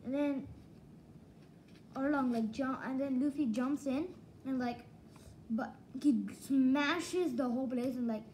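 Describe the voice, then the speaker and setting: Woman, casual manga review, slow rambling delivery, mellow tone, lots of restarts. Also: sits high, a little hiss or hum, low-quality recording. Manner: rambling, excitable retelling with many restarts. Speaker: book reviewer.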